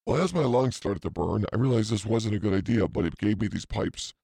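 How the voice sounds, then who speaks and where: A man's voice: fairly low pitch, fairly quick, gravelly, warm tone, slightly rough, dry recording. A man in his fifties hosting a podcast, telling a rambling story in a profane, self-mocking way, full of asides. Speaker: podcast host.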